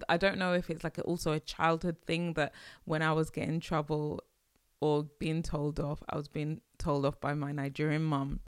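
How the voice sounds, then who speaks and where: A woman's voice: low-pitched, clean tone, dry recording, studio quality. A woman hosting her podcast, talking in a chatty, rambling way and laughing often. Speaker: podcast host. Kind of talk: casual monologue.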